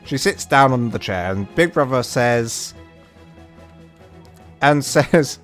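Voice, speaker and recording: A British man streaming a game and telling a rambling story, animated and full of restarts and asides. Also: mid-range voice, slow, soft background music. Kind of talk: casual storytelling on a livestream.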